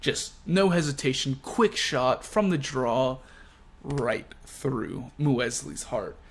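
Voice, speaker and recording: A man's voice: medium pitch, slow pace, breathy edge. A man hosting a video discussion of a comic chapter, talking casually with many asides and fillers. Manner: chatty, fillers like "you know". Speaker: video host. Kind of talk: casual chat about comics.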